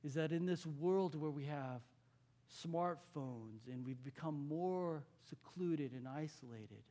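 A man from California, preaching a sermon in a conversational way, asking his listeners questions and dropping to a hush for key points. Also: a little high, takes it slowly. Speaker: pastor.

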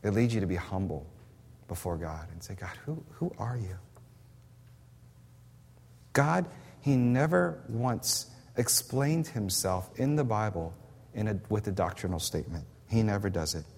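A man's voice: on the low side, lively intonation, moderate pace, gravelly, darkish tone, husky. A man preaching a sermon as a pastor, impassioned and emphatic, repeating words as he builds his points. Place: church sanctuary. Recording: echoey hall reverb.

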